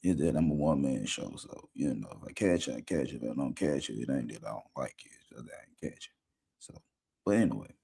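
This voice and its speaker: A man hosting a casual livestream show, rambling and slangy, talking a lot while high. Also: animated, fast talker, gravelly, warm tone, breathy edge. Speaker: podcast host.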